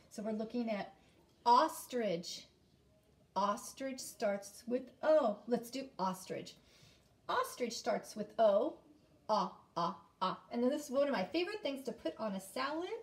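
A woman teaching an early-grade phonics lesson, clearly sounding out letters and inviting children to repeat after her. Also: on the high side.

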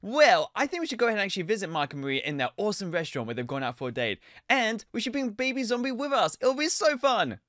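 A young man hosting a game video, giving excitable commentary with frequent laughs and loud squeals. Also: sits high, quick pace, hardly any pauses, dry recording, studio quality. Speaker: gaming video host.

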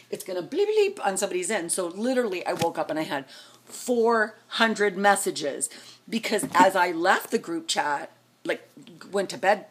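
Husky low-voiced woman telling a story. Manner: animated, acts out quotes with big pitch jumps. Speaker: vlogger. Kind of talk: casual storytelling vlog.

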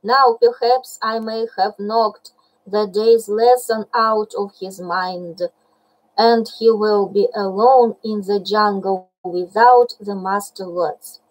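A woman's voice: medium pitch, fairly even intonation, slow pace, poor audio. A woman voicing an old male bear teacher in a storybook reading, lamenting dramatically. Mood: regretful. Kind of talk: audiobook reading.

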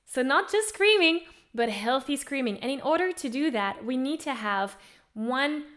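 A woman teaching an online singing lesson, explaining things in an upbeat way and demonstrating with her own voice. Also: on the high side. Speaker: vocal coach.

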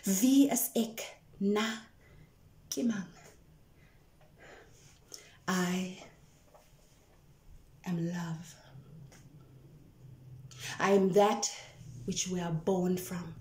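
A woman performing her spoken-word poetry dramatically, shifting between hushed whispers and bold declarations. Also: fairly low pitch, very slow, pauses often. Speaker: poet. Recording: roomy echo.

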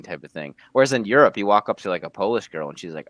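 Young American man, very low voice, hesitant guest with restarts, dry close recording. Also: expressive, brisk, a bit bright, dry recording. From United States. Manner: hesitant, many restarts and fillers. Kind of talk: casual conversation.

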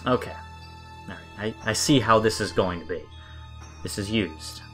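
A man doing a loud, greedy schemer. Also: deep voice, expressive, moderate pace, faint music behind, full character voice. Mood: muttering. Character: adult man, impulsive and greedy, grows frantic.

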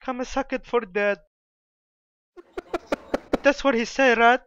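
A man's voice: very high voice, fairly even intonation, takes it slowly, a bit bright. A man talking in broken English during casual game voice chat, tacking a stock phrase onto his sentences and trading playful insults. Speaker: gamer in voice chat. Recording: slightly dull voice-chat audio with faint noise.

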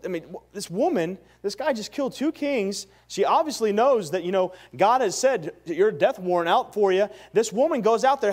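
A pastor whose voice sits high preaches a sermon, retelling scripture as animated, slangy storytelling full of stammering restarts.

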